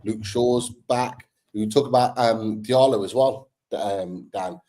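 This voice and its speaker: A man in casual football chat, relaxed, trailing off with ums as he talks. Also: fairly low pitch, slow.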